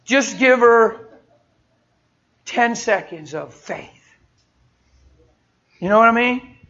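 A man's voice: extremely high pitch, animated, slow pace, a bit bright. A male preacher giving a sermon in a folksy storytelling way, acting out everyday conversations. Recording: dull lo-fi recording.

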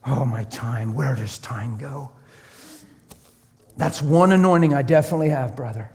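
A man preaching a sermon, telling stories and acting out conversations, swinging between hushed and loud. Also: mid-range voice, moderate pace. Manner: acts out dialogue in different voices. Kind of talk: sermon with storytelling.

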